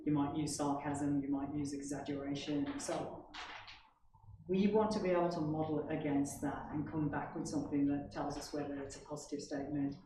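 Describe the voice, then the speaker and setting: A man's voice: fairly high pitch, fairly even intonation, brisk. A man giving a technical conference presentation in an explanatory way, often checking in with the audience. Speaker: conference speaker. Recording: echoey hall, distant mic, background noise.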